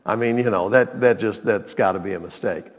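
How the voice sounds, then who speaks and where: An older man telling a personal story to a live audience, animated, with sudden emphatic exclamations and wry asides. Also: on the low side, a little fast. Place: hall with a seated audience. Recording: long hall reverb, live room.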